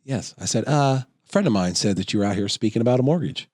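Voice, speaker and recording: A middle-aged podcast co-host with a fairly low voice tells stories in an easy, conversational way. He jumps into other people's voices as he goes, with lots of energy. The recording is close and dry. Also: quick pace, dry recording. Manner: animated storyteller, acts out voices in anecdotes. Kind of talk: casual storytelling chat.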